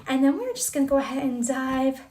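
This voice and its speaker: Bubbly high-voiced woman streamer. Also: lively intonation, a little fast, mellow. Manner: bubbly, exclamatory. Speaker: livestream host. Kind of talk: casual livestream chat, reading viewer comments.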